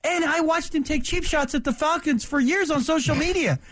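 A man in his fifties talks sports on the radio in an unusually high voice. He is emphatic and opinionated and speaks with animated energy into a studio mic. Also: normal speed. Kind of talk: sports talk radio chat.

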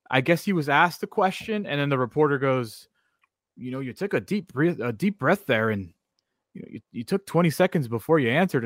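Male co-host for sports radio, mid-pitched, plain delivery, dry studio sound. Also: a bit bright, no room sound. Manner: matter-of-fact, reads stats and sets up clips. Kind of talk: casual sports talk.

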